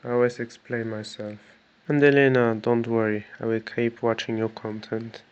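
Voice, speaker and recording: A man's voice: medium pitch, little pitch movement, moderate pace, smooth, highs cut off. A man talking to his viewers in a matter-of-fact, self-justifying way. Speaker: video creator. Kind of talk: explaining to camera.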